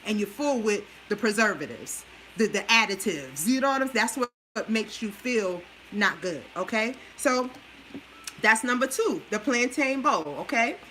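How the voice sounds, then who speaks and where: A woman's voice: fairly high pitch, lively intonation, normal speed, a bit bright, slight background noise, poor audio. A busy mom chatting through a meal plan while she cooks, coaching her viewers in a casual, chatty way. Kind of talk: casual cooking livestream.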